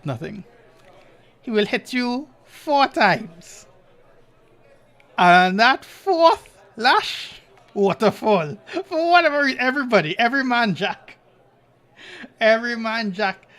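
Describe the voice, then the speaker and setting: A man co-hosting a podcast, telling stories in casual chat and laughing often. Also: sits high. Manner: storytelling, animated, laughs often. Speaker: podcast co-host.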